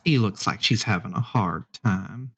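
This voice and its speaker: A man's voice: on the low side, a little slow, a bit bright, a little hiss or hum. A man voicing a sassy, mischievous female fey companion in a tabletop game, talking in an offhand, whispery way. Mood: concerned whisper.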